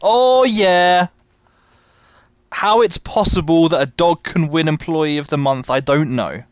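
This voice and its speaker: A fairly high-pitched male voice at normal speed, recorded with no room sound. As a livestreamer playing a game, he chats casually, reading out viewers' messages and responding as he plays.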